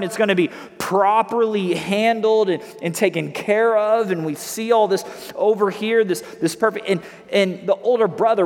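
A man pastor preaching a sermon to a gathered congregation. He talks conversationally, often repeating words. His voice sits high, and a long hall reverb trails behind each phrase.

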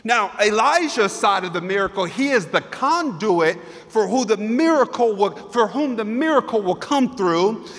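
A man's voice: sits high, lively intonation, normal speed, few pauses, a bit bright. A man preaching a sermon in a church, emphatic and repetitive, building with rhetorical questions. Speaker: guest preacher. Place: church sanctuary. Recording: long church reverb.

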